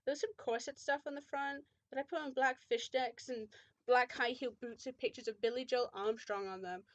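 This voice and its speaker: A woman's voice: on the high side, steady tone, normal speed, highs cut off. A woman giving a comedic dramatic reading of fan fiction, with sarcastic asides and frequent swearing. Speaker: channel host reading fan fiction aloud.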